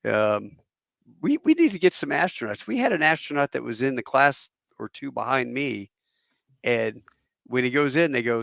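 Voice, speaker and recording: A man's voice: medium pitch, moderate pace, gravelly, dry recording, clean studio sound. A man in his fifties, a podcast host and former Marine pilot, telling rambling anecdotes and acting out the people he quotes. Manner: rambling, animated storyteller who acts out quotes. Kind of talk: casual chat, anecdotal storytelling.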